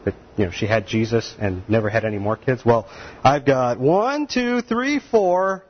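A man's voice: mid-range voice, animated, normal speed, dull audio. A man preaching a sermon in a folksy, joking way, often laughing and acting out the voices of the people he quotes. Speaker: pastor.

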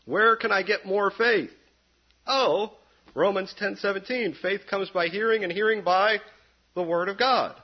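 A man preaching a sermon in an animated, sarcastic way, with sudden jumps up in pitch. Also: unhurried, highs cut off.

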